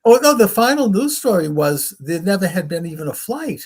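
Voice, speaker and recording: A man's voice: high-pitched, very animated, a little fast, husky. A man hosting a talk show, rambling as he retells stories and acts out the people in them. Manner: rambling storyteller, acts out quoted voices. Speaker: host. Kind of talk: casual conversation.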